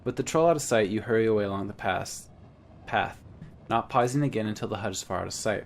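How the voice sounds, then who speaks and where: A man's voice: on the low side, fast talker, vocal fry, a little hiss or hum. A man playing a text game, reading its story aloud and adding casual comments in between. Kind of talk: let's-play narration and commentary.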